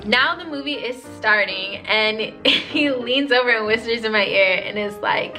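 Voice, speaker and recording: Animated young woman telling a story. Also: on the high side, unhurried, soft background music. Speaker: vlogger. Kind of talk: storytime vlog.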